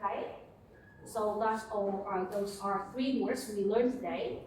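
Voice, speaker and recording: A woman's voice: mid-range voice, steady tone, unhurried, a little mellow, a little hiss or hum. A woman teaching English to a class, patiently prompting students and repeating words. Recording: echoey classroom from far off.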